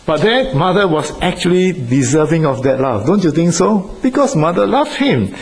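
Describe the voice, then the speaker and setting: A man's voice: a little high, sing-song, moderate pace, few pauses, rough recording. A man preaching a sermon in an earnest way, repeating phrases for emphasis and putting questions to his listeners.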